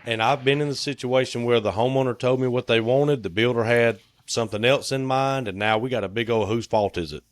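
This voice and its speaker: A man's voice: mid-range voice, fairly quick, hardly any pauses, no echo. A middle-aged man, chatting casually on a podcast in a laid-back, folksy way. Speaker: podcast co-host; cabinet maker. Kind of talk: casual chat.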